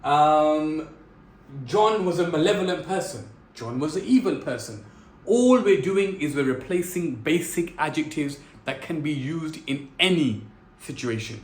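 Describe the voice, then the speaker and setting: A man teaching an exam-prep English lesson, talking directly and calling his students "guys" as he slows down to stress key words. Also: on the high side, lively intonation, echoey room. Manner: direct, repeats "guys" often, drawn-out emphasis on key words. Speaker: English tutor.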